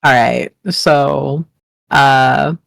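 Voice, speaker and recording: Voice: mid-range voice, little pitch movement, extremely slow, creaky, a bit bright, no room sound. A player in a tabletop game who talks casually, often laughing and hesitating.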